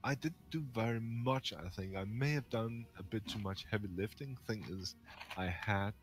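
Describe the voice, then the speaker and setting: Low-voiced man, wordy and hedging. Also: moderate pace, over music. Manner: wordy, hedging, bursts into loud laughter. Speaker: podcast co-host. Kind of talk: casual chat.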